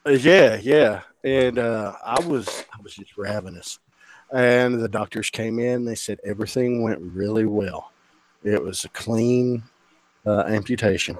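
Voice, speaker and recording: A man's voice: on the low side, unhurried, a little hiss or hum. A man telling a personal story in casual conversation, candid and emotional, with plenty of swearing. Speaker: podcast guest.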